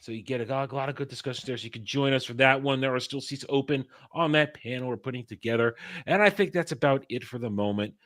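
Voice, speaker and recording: A regular on a live-stream chat, announcing upcoming shows with relaxed teasing and the odd swear. His voice is bright and mid-pitched. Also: quick pace, few pauses.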